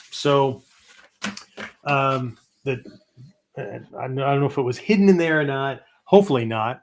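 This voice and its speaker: A man hosting a spoken teaching podcast, talking casually and rambling, with many fillers, frequent "right?" tags and blunt mild swearing. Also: medium pitch. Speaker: podcast host teaching esoteric Buddhism.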